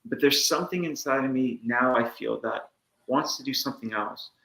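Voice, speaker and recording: A man's voice: mid-range voice, normal speed, gravelly, sharp tone. Earnest man in an echoey room. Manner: earnest, reflective, acts out inner voices. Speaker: guest. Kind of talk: casual chat.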